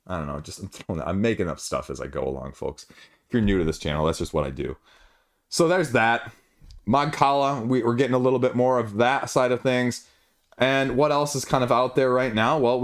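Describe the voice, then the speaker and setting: A man hosting a board game channel, talking casually and rambling off the cuff with lively asides. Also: medium pitch. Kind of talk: casual solo video commentary.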